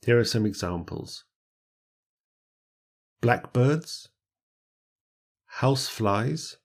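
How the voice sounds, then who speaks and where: Guy teaching an english lesson, lowish voice, super slow, reads out word lists. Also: a little mellow. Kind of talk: scripted grammar lesson.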